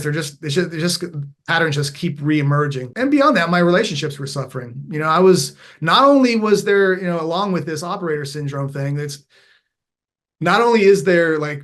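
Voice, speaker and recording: Guy w a highish voice telling his story on a podcast, earnest, kinda halting, gets animated acting stuff out. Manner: earnest, reflective, often restarting phrases; animated when acting out past moments. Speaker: podcast guest, veteran turned mindfulness coach. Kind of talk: candid personal storytelling.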